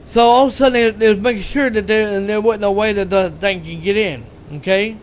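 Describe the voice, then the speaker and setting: A man retelling a movie's plot in a rambling, halting way, full of fillers, restarts and swearing, acting out the characters' lines. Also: high-pitched, fairly even intonation, a little hiss or hum. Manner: rambling, halting, many fillers and restarts, profane, acts out quotes. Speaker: movie reviewer. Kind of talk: rambling casual movie recap.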